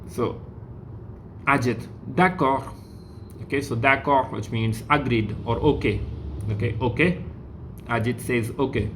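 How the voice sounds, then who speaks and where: Indian-accented male teacher, mid-pitched, patient explainer, faint hiss behind. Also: fairly bright tone. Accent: Indian English. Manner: explains slowly, repeats words, many okays. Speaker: French teacher. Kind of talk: classroom lesson.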